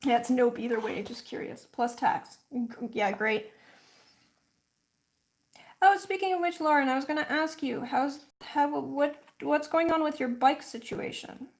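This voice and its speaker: Brief: woman host, relaxed slow pace, chatty stream talk full of "like"s. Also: high voice. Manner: chatty, frequent "like" fillers, storytelling; slow, thoughtful explaining. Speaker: livestream host. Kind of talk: casual livestream chat.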